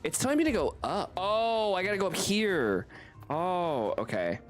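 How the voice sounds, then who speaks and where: A man's voice: high-pitched, very animated, normal speed, soft background music. A man streaming a video game, chatting casually and playfully, laughing often and swearing freely. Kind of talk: casual gameplay commentary.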